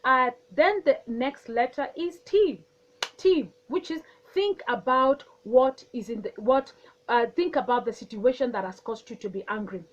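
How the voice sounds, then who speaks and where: Woman host, fairly high voice, repeats herself, teaching tone, dull lo-fi sound. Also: a little slow. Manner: repeats phrases, restarts often. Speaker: wellness talk host. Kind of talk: teaching talk to camera.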